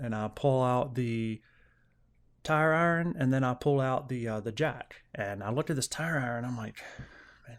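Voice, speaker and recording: Young male podcast host, mid-pitch voice, casual rambling monologue, swears freely. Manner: profane, animated retelling with acted-out quotes.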